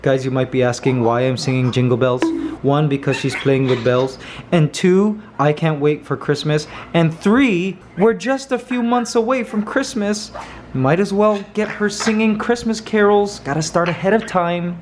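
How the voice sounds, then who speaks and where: A man's voice: on the high side, normal speed, a little hiss or hum. A man in a casual home vlog, talking playfully and coaxing his pet parrot. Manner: playful, sings snatches of carols. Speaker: vlogger.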